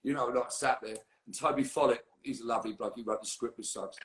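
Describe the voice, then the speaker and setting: Middle-aged man, casual swearing storyteller, mid-pitched voice. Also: steady tone, fast talker, reverberant. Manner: swearing storyteller, rambling anecdotes. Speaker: guest musician. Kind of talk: casual podcast chat.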